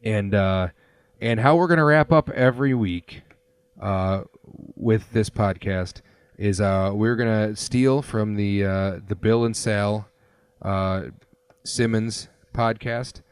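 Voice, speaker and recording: Slow and clear, with a lowish, resonant voice, a man in his thirties rambles through filler-heavy stories while hosting a laid-back sports podcast. No room sound is audible.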